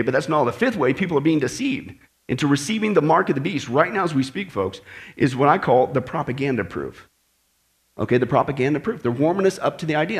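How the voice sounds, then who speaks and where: A man preaching a sermon, animated, acting out the voices he quotes. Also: medium pitch. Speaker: pastor.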